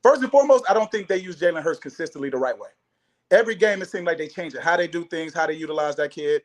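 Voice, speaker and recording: A man makes emphatic arguments in casual sports talk, leaning on numbers and repeating his point. His voice sits slightly high. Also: quick pace, fairly bright tone.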